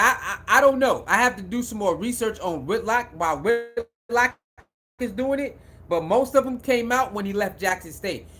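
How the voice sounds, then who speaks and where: A man's voice: sits high, a bit bright. Man riffing on a sports live stream. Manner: repetitive, talks back to chat viewers. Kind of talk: casual live-stream commentary.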